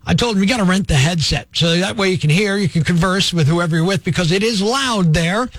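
A man hosting a morning radio call-in show, talking quickly and joking, sometimes working himself up into a rant. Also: high-pitched, dry recording. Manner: quick, jokey, worked up. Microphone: studio microphone.

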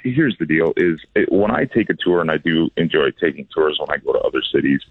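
Very deep-voiced man on a tinny line. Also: fairly quick, breathy edge, dry recording. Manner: hesitant, repeats words, earnest. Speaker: tour company founder, radio guest. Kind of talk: casual radio interview.

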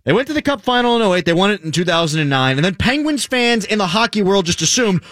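A man hosting a casual sports talk show, animated and joking with his co-hosts. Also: sits high, fast talker, hardly any pauses, no echo, studio quality. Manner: animated, jokey, mock impressions. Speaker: sports talk radio host.

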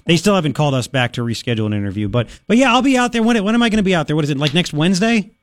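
Sarcastic talk radio host, dry studio sound. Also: male voice, a little high, big pitch swings, rapid-fire, dry recording. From Long Island, New York. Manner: sarcastic, jokey, many fillers and restarts. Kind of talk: opinionated talk radio monologue. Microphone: studio microphone.

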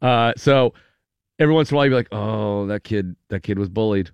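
A middle-aged man hosting a casual morning radio show, telling stories in an animated way and often slipping into loud put-on voices. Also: on the low side, brisk, gravelly, clean tone, no room sound, dull audio. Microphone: studio microphone.

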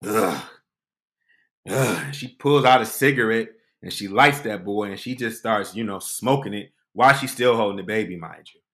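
A man hosting a podcast, telling a comic personal story with animated delivery, acting out voices. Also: fairly low pitch, a little fast, hardly any pauses. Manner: animated, acts out voices and quotes. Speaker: podcast host.

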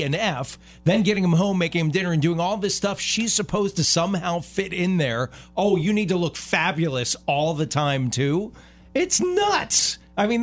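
A middle-aged man co-hosting a talk radio show, speaking earnestly and emphatically in a casual way, often restarting his phrases. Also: a little high.

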